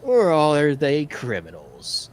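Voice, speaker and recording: A man's voice: a little high, huge pitch swings, slow, a little hiss or hum, pitched above the performer's own voice, full character voice. A man voicing a mocking male cyborg gang leader with a chainsaw hand, in a theatrical, taunting way.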